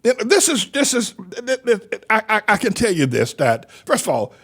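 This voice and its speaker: A man, a church pastor, giving animated sermon-style commentary with a stammering, repetitive delivery and loud outbursts. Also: high-pitched, normal speed.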